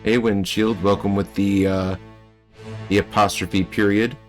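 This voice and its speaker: A man with a low voice thinks out loud while he plays, stopping now and then to answer viewers. Soft game music runs underneath his talk. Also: flat delivery, a little slow. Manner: musing aloud, chatting with viewers. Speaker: streamer. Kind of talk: casual gameplay commentary.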